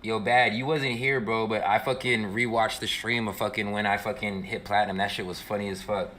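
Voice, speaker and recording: A man with a low, very bright voice chats freely on a gaming stream. His talk is slangy and full of swearing, and he laughs at himself. Faint noise sits under the voice. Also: steady tone, fairly quick. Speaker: gamer on a stream chat. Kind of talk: casual chat.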